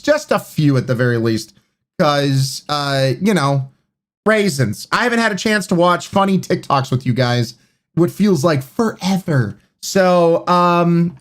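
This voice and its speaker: A man streaming live, chatting casually, reading out chat and rambling with lots of fillers. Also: on the high side. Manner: rambling, reads chat aloud, many fillers.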